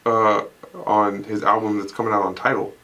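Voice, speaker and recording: A man's voice: on the low side, little pitch movement, normal speed, sharp tone. A young man co-hosting a podcast, telling rambling, profane stories in casual banter and laughing often. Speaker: podcast co-host.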